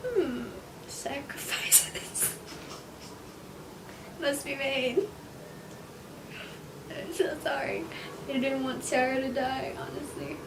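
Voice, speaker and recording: A woman's voice: high-pitched, slow pace, long pauses, echoey room. A young woman chatting casually in a reading vlog, laughing often and dropping now and then to a whisper. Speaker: book vlogger. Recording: distant mic with steady background hiss.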